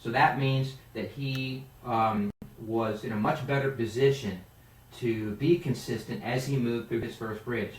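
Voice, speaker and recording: A man's voice: medium pitch, measured pace. A man teaching a singing lesson as a vocal coach, explaining technique and singing exercises to show how they go. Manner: animated, demonstrates exercises by singing. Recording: roomy, mic at a distance, piano playing.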